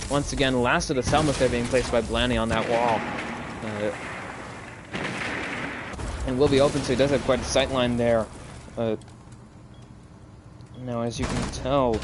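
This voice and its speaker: A man's voice: mid-range voice, noisy background. A man giving live play-by-play commentary on an esports match, talking casually and rambling, chatting with viewers between plays. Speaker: solo esports caster.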